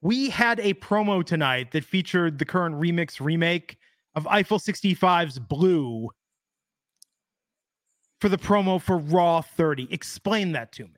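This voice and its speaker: A man with a fairly high voice chats through a wrestling recap, opinionated and rambling, full of filler words. The sound is close and dry, with no room echo. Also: expressive, a little slow. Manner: chatty, opinionated, rambling with many "like"s. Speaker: wrestling show co-host. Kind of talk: casual podcast chat.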